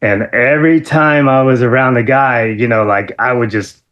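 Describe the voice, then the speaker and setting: A middle-aged man with an average pitch tells stories as an interview guest. He rambles with fillers and keeps leaping into high, excited outbursts. He laughs often between lines. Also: moderate pace, muffled recording. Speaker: interview guest, former wrestler. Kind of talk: animated storytelling.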